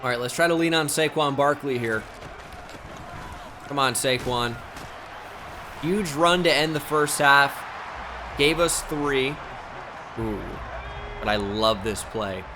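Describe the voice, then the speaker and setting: A man giving live play-by-play commentary on a football video game, excitable and shouting at big plays. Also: mid-range voice, slow pace, long pauses, background noise. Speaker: gaming YouTuber.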